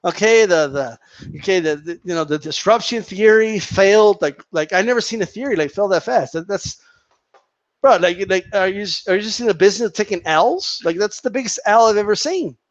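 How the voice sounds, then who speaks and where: A man's voice: high voice, animated, brisk, lo-fi sound. A man giving an opinionated, profane rant as a boxing commentator, repeating and tripping over his words.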